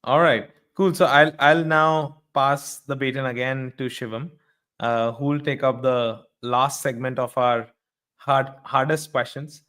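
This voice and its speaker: A man's voice: medium pitch, fairly even intonation, measured pace, fairly bright tone. A man hosting a casual interview who often repeats his words and checks in with the listener. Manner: repeats words, ends points with "right?". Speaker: host.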